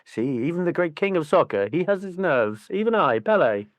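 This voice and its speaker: A man playing a vain, self-pitying male football legend in a mock-solemn, lowered voice during a casual podcast chat. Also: big pitch swings, brisk, dry recording.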